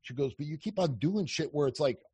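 A man chatting casually as a podcast guest, telling animated stories, acting out quoted lines and swearing freely. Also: on the high side, brisk, breathy edge, no echo. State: on day four of a fast. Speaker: podcast guest, dating coach. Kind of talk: casual chat.

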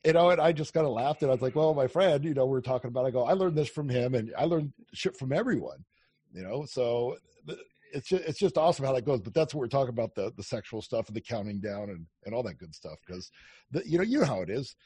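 A man chatting casually as a podcast guest, telling animated stories, acting out quoted lines and swearing freely. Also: mid-range voice, quick pace, slightly rough, no echo. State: on day four of a fast. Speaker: podcast guest, dating coach. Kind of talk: casual chat.

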